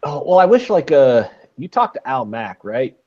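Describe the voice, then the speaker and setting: A man's voice: mid-range voice, sing-song, normal speed, darkish tone. Male co-host, rambling, jokey, filler-heavy talk, mid-range voice, dull lo-fi sound. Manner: rambling, joking, lots of fillers. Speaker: podcast co-host. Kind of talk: casual sports betting chat.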